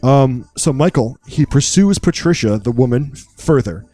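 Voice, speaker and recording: A man co-hosting a podcast, recapping a film in a casual, wry, joking way with deadpan asides. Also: mid-range voice, normal speed, faint music behind.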